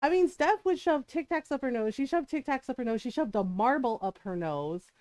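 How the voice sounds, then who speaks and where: High-voiced woman telling family stories. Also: lively intonation, brisk, a little mellow, no echo. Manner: laughs often, keeps asking "right?". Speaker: streamer and mother. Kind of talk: casual storytelling chat on a live stream.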